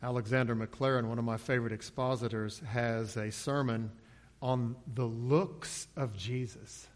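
A man's voice: steady tone, unhurried. A man preaching an expository sermon in a conversational way, acting out the quoted lines in a lifted voice. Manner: conversational, acts out quotes with raised pitch.

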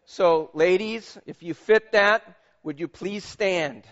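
High-voiced preaching man, muffled sound. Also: slow. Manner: emphatic, conversational preaching with audience asides. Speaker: pastor. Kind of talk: sermon.

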